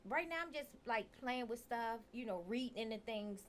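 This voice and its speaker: Relaxed woman guest. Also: fairly high pitch, normal speed, a little hiss or hum. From Baltimore. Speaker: guest musician. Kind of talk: casual interview chat.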